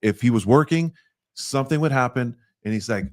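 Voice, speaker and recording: Podcast host, a man with a mid-pitched voice, easygoing storyteller. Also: expressive, fairly quick, a little mellow. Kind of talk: casual interview chat.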